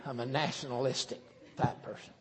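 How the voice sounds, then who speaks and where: A middle-aged man with a Southern US accent preaching a sermon in a folksy, joking, animated way. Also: medium pitch, a little fast. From Southern United States.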